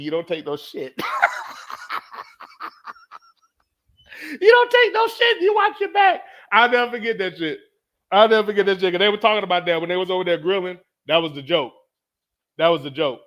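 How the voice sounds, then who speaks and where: A man hosting his own show, telling a story in a casual, animated way, swearing often and repeating lines for emphasis. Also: high-pitched. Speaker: podcast host.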